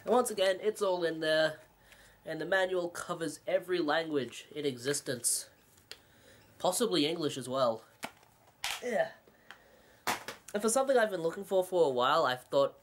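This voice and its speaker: A video game collector talking through recent purchases in a casual, rambling vlog, full of sarcastic jokes and self-mocking asides. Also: mid-range voice. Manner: rambling, joking and sarcastic, with frequent laughs.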